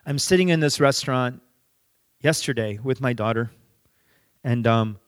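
A middle-aged man preaches in an easy, conversational storytelling manner, with a voice sitting at an ordinary middle pitch. He drops his voice low and soft to press a point home. The sound is close and dry, with no room around it. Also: normal speed, dry recording. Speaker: pastor. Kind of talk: sermon with storytelling.

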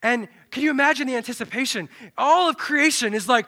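A man preaching a sermon in an animated, dramatic way, dropping to a low hush and then swelling loud. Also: fast, few pauses.

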